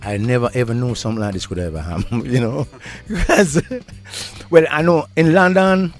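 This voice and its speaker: A man's voice: mid-range voice, moderate pace. An older man with a Jamaican accent, a reggae deejay giving an interview and reminiscing in a laid-back way, laughing often. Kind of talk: relaxed reminiscing conversation. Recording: interview with faint music behind.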